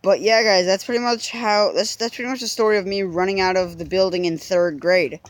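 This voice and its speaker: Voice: mid-range voice, fairly even intonation, a little fast. A young person casually telling a personal story to the camera, rambling through restarts and fillers and swearing now and then.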